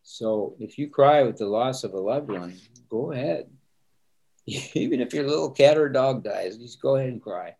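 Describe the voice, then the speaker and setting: A man's voice: mid-range voice, expressive, normal speed, gravelly, darkish tone. An older man, a pastor, talking earnestly and openly about feeling, with an easy laugh in a candid interview.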